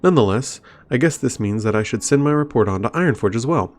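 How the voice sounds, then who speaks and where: A man reading the lines of a gruff male dwarf official from a game, with a mild theatrical lift. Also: mid-range voice, lively intonation, fast, natural voice. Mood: wry.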